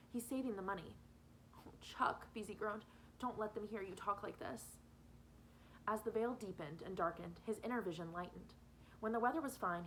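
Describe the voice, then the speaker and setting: Female teacher narrating a novel, mid-pitched, light room noise, voices the characters. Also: a bit bright, low-quality recording. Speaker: teacher reading aloud to students. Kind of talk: reading a novel aloud.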